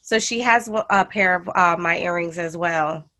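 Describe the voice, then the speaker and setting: A young woman guest chatting casually, an excited storyteller who acts out her own retellings. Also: fairly low pitch, moderate pace. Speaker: guest artist and jewelry designer. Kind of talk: casual chat.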